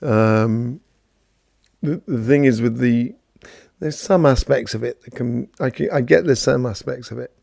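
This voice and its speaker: Gravelly, mellow man, rambling chat. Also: mid-range voice, no room sound, clean studio sound. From London, England. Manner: rambling, chatty, greets viewers by name, many fillers. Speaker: host of a live Q&A stream. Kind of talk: casual spiritual talk answering viewers.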